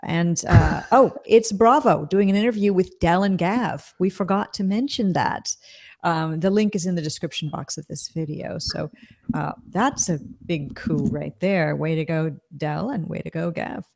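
A woman's voice: on the low side, moderate pace, creaky, a little mellow. An American woman hosting a casual live-stream chat, reading viewer comments aloud. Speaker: show host.

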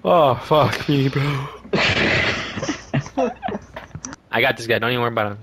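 A young man on a headset, chatting casually while gaming, excitable and swearing, breaking into shouts. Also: medium pitch, a little slow, very noisy. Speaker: gamer.

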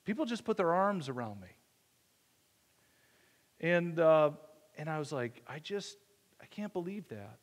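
A man's voice: fairly high pitch, very animated, unhurried, pauses often. A male pastor telling a personal story in a conversational sermon, joking at his own expense and acting out the dialogue. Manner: conversational, self-deprecating humor, acts out dialogue. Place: church sanctuary. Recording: long reverb of a church hall.

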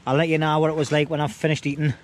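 Talking very fast in a fairly high, level voice, a middle-aged man vlogging his camping trip jokes to a handheld camera at a wild camp, full of dialect slang. The outdoor camera audio picks up loud rain and slight background noise.

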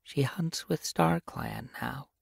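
A man voicing a kindly old female cat in an audiobook, speaking softly and soothingly. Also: mid-range voice, vocal fry, slightly rough, dry recording, studio quality, voice pushed up, heavily acted. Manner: soft, slow, soothing.

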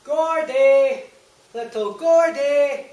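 A woman's voice: sits high, extremely slow, warm tone. A woman doing a taunting Scottish sister. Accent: put-on Scottish. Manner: taunting and scolding. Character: brash Scottish sister, a woman, mocking and bossy. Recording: echoey hall from far off.

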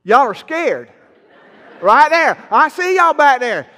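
A man's voice: very high-pitched, very animated, takes it slowly, bright, forceful tone, long reverb tail. A man preaching a sermon to his congregation, folksy and playful, teasing the people in the pews. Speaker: pastor. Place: church sanctuary.

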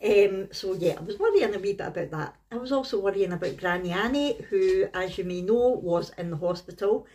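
A woman's voice: medium pitch, animated, a little fast, few pauses, a little mellow. A middle-aged woman with a Scottish accent talks straight to camera in a home vlog. She tells her story in a chatty, rambling way, like she is catching up with a friend. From Scotland. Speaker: family vlogger. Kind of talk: casual talking-to-camera vlog.

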